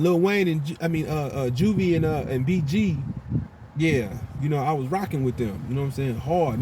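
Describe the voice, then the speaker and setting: A man's voice: on the high side, noisy background. A man from Chicago talking casually to his viewers, laid back and slangy, often asking "you know what I'm saying". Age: older adult. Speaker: vlogger. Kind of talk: casual monologue to camera.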